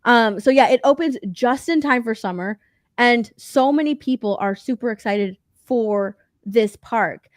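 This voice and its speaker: A woman co-hosting a pop-culture news podcast, chatting casually with lots of fillers and excitement. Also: a little high, a little slow, no echo, clean studio sound. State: hiccups. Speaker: podcast co-host. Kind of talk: casual chat.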